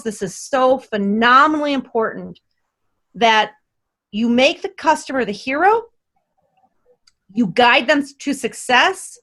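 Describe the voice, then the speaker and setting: A woman's voice: fairly high pitch, fairly bright tone. A woman who runs a company, speaking as a podcast guest, enthusiastic and emphatic, repeating phrases to stress her points. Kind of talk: casual podcast conversation.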